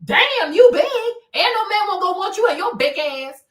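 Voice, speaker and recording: A woman voicing a crude, blunt female creator who mocks people loudly. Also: very high-pitched, lively intonation, normal speed, roomy sound, pitched above the performer's own voice. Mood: mocking. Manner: loud, insulting, exaggerated.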